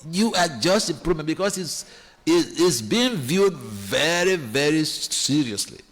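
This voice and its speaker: A man giving a sermon, his high voice swooping animatedly as he acts out quoted voices. His bright tone rings through a temple hall with long reverb, and he halts often to restart a phrase. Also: very animated. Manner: halting with restarts. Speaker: speaker giving a scripture class.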